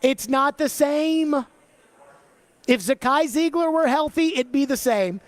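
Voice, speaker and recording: A man hosting a sports talk radio show, talking in an animated, chatty way. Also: very high-pitched, slow, dry recording. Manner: animated, slips into an exaggerated Southern drawl for bits. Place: radio studio.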